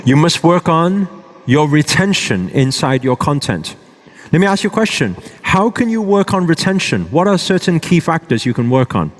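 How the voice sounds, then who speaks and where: Presenting a live workshop in a big, echoing hall, this man speaks at a moderate pace in a fairly high voice with wide pitch swings. He walks about while teaching and frequently checks in with his audience.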